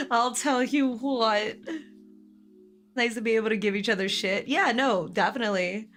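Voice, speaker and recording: A young woman streamer telling a family story in casual chat to her live chat, animated, laughing often and swearing casually, her voice a bit hoarse from karaoke. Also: a little high, a little slow, faint music behind.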